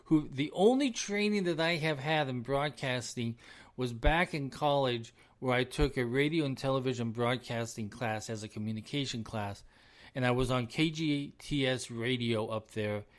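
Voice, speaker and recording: Emphatic middle-aged man ranting on a podcast. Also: mid-range voice. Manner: emphatic, repetitive ranting with chuckles. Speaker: podcast host. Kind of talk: solo opinion podcast rant.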